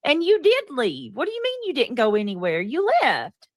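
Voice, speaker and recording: A woman's voice: high voice, wildly swooping pitch, normal speed, no echo, studio quality. A woman hosting a live-stream chat, talking in an indignant, profane way and repeatedly demanding answers. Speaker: livestream host.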